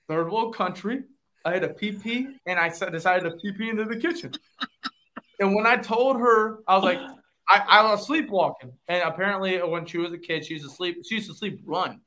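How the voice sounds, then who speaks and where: A man's voice: sits high, normal speed, pushed and bright. A tipsy man rambling through a crude story in a casual podcast chat, repeating himself often. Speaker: podcast co-host.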